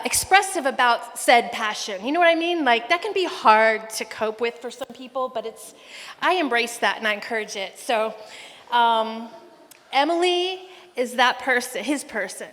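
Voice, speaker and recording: Her voice on the high side and fairly bright, a middle-aged mother of the groom gives an animated wedding speech at normal speed. It is emotional and rambling, built around a family story as she fights back tears. The reception hall carries long hall reverb.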